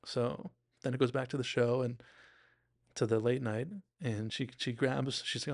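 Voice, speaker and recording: A man with a gravelly, creaky voice hosts a casual podcast recap of a TV episode. He talks in an enthusiastic, rambling and self-deprecating way at a middling pitch, recorded dry and close with no room sound. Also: fairly even intonation, a little slow, no room sound. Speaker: podcast host.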